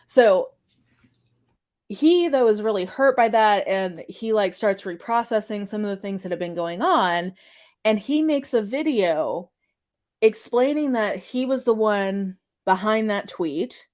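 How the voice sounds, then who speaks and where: A woman co-hosting a podcast, recounting a story in a quick, chatty way with lots of filler words. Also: mid-range voice, lively intonation, darkish tone. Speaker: podcast co-host. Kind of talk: casual storytelling chat.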